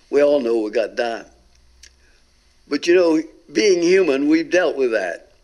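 A man earnestly tells his testimony as a guest, stretching out emphatic phrases. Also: fairly high pitch. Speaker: guest telling a near-death experience. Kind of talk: recorded testimony talk.

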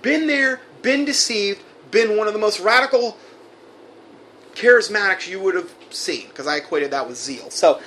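A man's voice: sits high, lively intonation, normal speed, bright, forceful tone. A man preaching fiery commentary, reading a letter aloud and then rebutting it with indignation. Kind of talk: sermon-style commentary read from a recording.

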